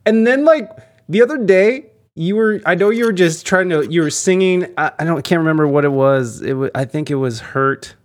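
A man's voice: a little high, lively intonation, moderate pace. A man hosting a casual interview, rambling with many filler words and loose, restarted phrases. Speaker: interview host.

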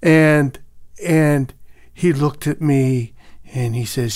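A man with a fairly high voice who co-hosts a casual podcast and tells stories easily, acting out what others said. The sound is dry and close. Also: slow, no room sound. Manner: relaxed storyteller who mimics others' voices. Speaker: podcast co-host.

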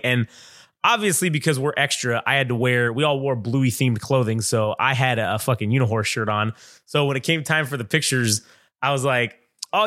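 A podcast co-host tells a long, rambling, profane story, acting out quotes in funny voices. His voice is medium-pitched and a bit bright, recorded dry with studio quality.

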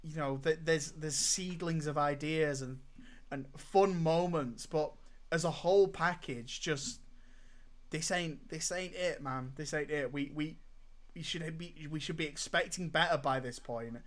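A man's voice: a little high, unhurried. A man co-hosting a podcast, chatting casually about films in an emphatic, enthusiastic way. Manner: enthusiastic, emphatic, repeats words when starting. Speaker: podcast co-host. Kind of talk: casual film review chat.

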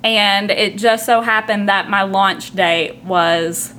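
Podcast guest, woman, Southern drawl, relaxed and talkative, faint noise behind. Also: medium pitch, slow. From southeastern Kentucky. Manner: chatty, uses fillers, says y'all. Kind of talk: casual conversation.

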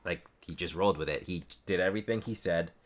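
A man in a casual fan discussion, relaxed and chatty, laughing easily. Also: deep voice, fast.

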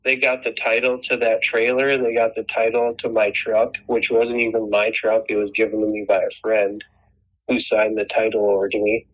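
A man's voice: fairly low pitch, little pitch movement, moderate pace, a bit bright, slightly rough, muffled recording. A man telling a long personal story in casual chat, rambling and swearing, with many restarts. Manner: rambling, profane, frequent restarts.

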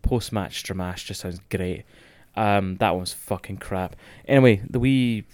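A young Scottish man recapping a wrestling match in casual, excitable, sweary podcast chat. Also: low-pitched, unhurried, no echo.

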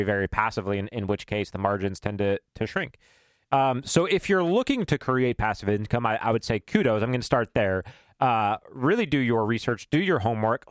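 A man hosting a podcast, giving advice in a measured, thoughtful way with frequent fillers. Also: on the low side, no room sound. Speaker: podcast host.

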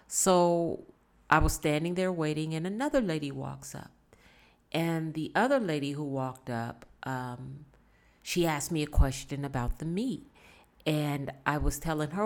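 Speaking a little slowly in a low-pitched voice, a woman gives her viewers casual, earnest life advice. In this motivational talk, she repeats her points to drive them home.

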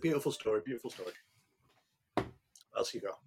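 A man's voice: medium pitch, expressive, background noise. A man, an actor and writer, chatting as a guest on a podcast and joking with the hosts. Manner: jokey and quick to laugh. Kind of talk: casual chat.

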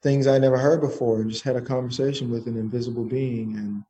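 A man telling a personal story in casual, slangy speech, animated and full of swearing, as a guest. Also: mid-range voice, quick pace.

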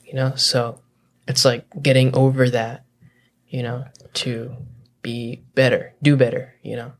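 A young man talking as a podcast guest in an easygoing, relaxed way. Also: mid-range voice, moderate pace. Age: young adult. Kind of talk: casual chat.

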